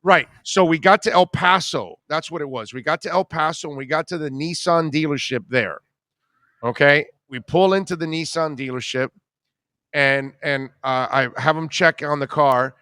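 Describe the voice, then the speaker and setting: A man's voice: on the high side, normal speed, smooth, no room sound, clean studio sound. Rambling storytelling male radio host. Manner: rambling, animated storyteller with many restarts. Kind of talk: casual storytelling chat.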